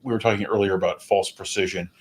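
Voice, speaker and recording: A man's voice: deep voice, fairly even intonation, quick pace. A man co-hosting a sports podcast in casual chat, reading listener comments and answering them. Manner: reads listener comments aloud. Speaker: podcast co-host.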